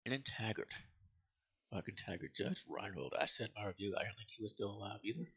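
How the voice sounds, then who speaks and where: A man's voice: lowish voice, lively intonation, fairly quick, vocal fry, pushed and bright, slightly rough. A man giving a casual, rambling movie review, swearing freely and full of fillers and restarts.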